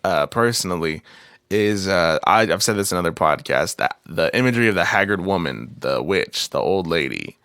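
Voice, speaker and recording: A young man co-hosting a casual movie podcast, animated and quick to laugh and swear. His voice sits on the low side, and the recording is dry and close with no room sound. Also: clean tone, no room sound. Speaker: podcast co-host.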